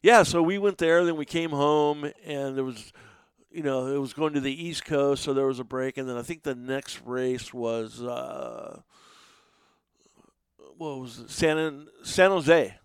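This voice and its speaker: A middle-aged man casually telling animated, profane stories in a podcast chat, sometimes shouting. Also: medium pitch, a little slow, smooth, dry recording. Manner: animated, swears freely, shouts when acting out others.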